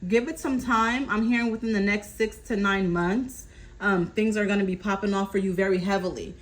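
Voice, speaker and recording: A woman's voice: mid-range voice, a little fast, rough recording. Woman giving a reassuring tarot reading. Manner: reassuring, keeps checking in with "okay?"; relays messages from spirit in a steady flow. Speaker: tarot reader. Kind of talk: casual tarot reading to camera.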